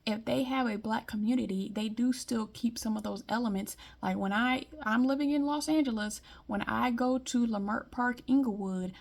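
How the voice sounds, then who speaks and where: A woman's voice: a little high, normal speed, gravelly, few pauses, darkish tone. A woman from Detroit giving a blunt, emphatic monologue in casual vlog style. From Detroit, US Midwest. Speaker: vlogger.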